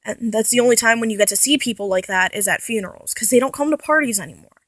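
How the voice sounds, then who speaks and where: A young woman talks straight into her camera in a loose, rambling way, often stopping to correct herself. Her voice sits a bit high, and the sound is close and dry with little room echo. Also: quick pace, fairly bright tone. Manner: rambling, restarts and self-corrections, chatty. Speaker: vlogger. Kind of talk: casual personal vlog.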